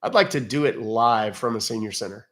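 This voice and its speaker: A man's voice: mid-range voice, a little fast, fairly bright tone. A man from Texas hosting a casual live stream, chatting loosely and reading viewer comments aloud. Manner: chatty, loose, jokey, reads chat aloud. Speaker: livestream host.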